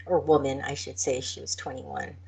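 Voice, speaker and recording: A woman co-hosting a podcast, chatting casually and narrating a case in a halting, careful way. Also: a bass voice, flat delivery, gravelly, a little mellow, breathy edge. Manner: halting, careful, with many fillers. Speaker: podcast co-host. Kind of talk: casual chat and true-crime narration.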